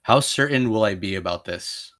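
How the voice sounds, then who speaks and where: A man's voice: fairly low pitch, moderate pace, a bit bright. A man playing a tabletop game, hesitant and often repeating his words. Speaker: player. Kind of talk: casual tabletop game chat.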